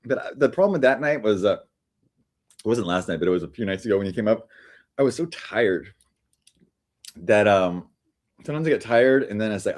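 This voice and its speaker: A man hosting a casual livestream from home, chatting in a meandering way with lots of fillers and restarts. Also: lowish voice. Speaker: livestream host. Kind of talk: rambling casual livestream chat.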